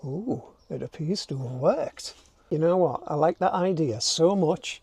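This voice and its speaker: A man's voice: on the high side, expressive, measured pace, noisy background. An older man, vlogging casually to a handheld camera as he works inside a camper van, self-mocking and thinking aloud. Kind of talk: casual DIY vlog talk to camera.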